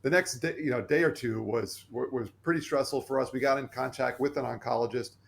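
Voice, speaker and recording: A man who is a podcast guest, telling a personal story in an earnest, animated way and acting out the voices he quotes. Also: mid-range voice, a little fast, creaky.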